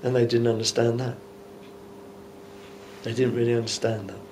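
Bishop preaching in church: man, mid-pitched, chatty musing sermon, soft hiss underneath. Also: completely flat delivery, moderate pace. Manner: conversational and musing, with rhetorical asides. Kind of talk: informal Bible teaching sermon.

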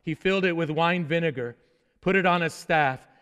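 Male pastor with a high voice, earnest sermon delivery, stammered restarts, long hall reverb. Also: normal speed, a bit bright, clean tone. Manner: earnest preaching with repeated restarts and falling, solemn phrase endings.

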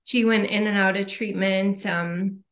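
A woman's voice: mid-range voice, fairly even intonation, a little slow, fairly bright tone. A woman from Minnesota with a Minnesotan accent, a podcast guest telling her family story in a chatty way with frequent ums. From Minnesota, USA. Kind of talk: casual interview conversation.

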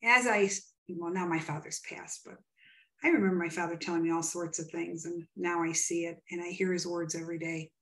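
A woman's voice: lowish voice, steady tone, fairly quick, fairly bright tone. A woman psychic medium, a guest in an interview, telling family stories in an earnest, rambling way.

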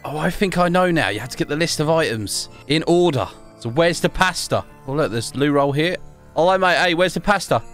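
A man giving chatty, excitable commentary while playing a video game, often exclaiming to himself. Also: a little high, a little fast, faint music behind. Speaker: gaming YouTuber. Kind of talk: casual gameplay commentary.

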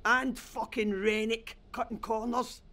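An actor playing a foul-mouthed, grumbling Scottish oil rig worker in a video game. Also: male voice, very high-pitched, little pitch movement, a little slow, bright, forceful tone, exaggerated voice. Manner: swears and grumbles.

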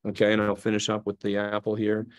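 A man's voice: fairly low pitch, monotone, fast. A man giving a hands-on cooking demonstration, chatty and playful, often checking in with his audience. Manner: playful asides while demonstrating. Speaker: knife demonstrator.

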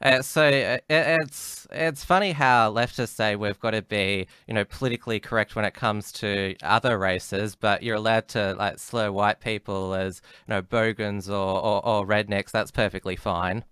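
A male podcast host introduces a guest and questions him. His voice is smooth and a little low, recorded dry and close, with a hesitant, uh-filled way of phrasing questions. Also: fairly even intonation, moderate pace, hardly any pauses, fairly bright tone, no room sound. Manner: hesitant, many uhs when asking. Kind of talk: interview hosting.

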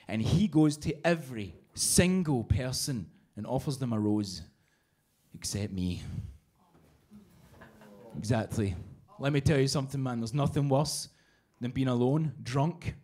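A Scottish stand-up comedian with a mid-range, darkish voice performs a profane set before a live audience in a small bar. He tells a story and acts out the voices of its characters.

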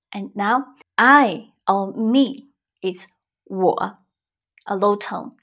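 A woman teaching beginner vocabulary, saying each word slowly and repeating it several times. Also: mid-range voice, animated, a bit bright. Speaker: Chinese teacher. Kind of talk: slow vocabulary lesson with repetitions.

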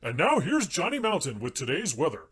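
A man playing a pompous TV news anchor reading a mock bulletin in a deadpan, formal manner. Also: fairly high pitch, brisk, slightly rough, full character voice. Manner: formal, deadpan newsreader delivery.

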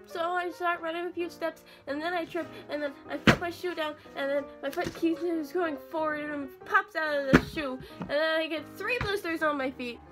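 A woman's voice: very high voice, fairly even intonation, moderate pace, few pauses, over loud music. A young woman chatting casually in her bedroom, rambling and poking fun at herself as she films on a phone. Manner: chatty, rambling, self-mocking. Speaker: vlogger. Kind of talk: casual vlog chat.

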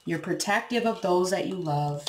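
Lowish-voiced woman reading tarot, profane and frank. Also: normal speed, darkish tone, roomy sound, slight background noise. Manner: frank, swears freely, laughs while acting out voices. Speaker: tarot reader. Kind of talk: casual tarot reading to viewers.

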